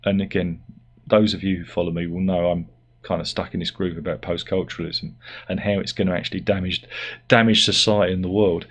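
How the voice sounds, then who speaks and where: This is a middle-aged man with a fairly low voice, holding forth in a loose, casual monologue. He rambles and keeps cutting himself down with dry, sardonic asides. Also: fairly quick. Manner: rambling, sardonic and self-deprecating. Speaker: YouTube host.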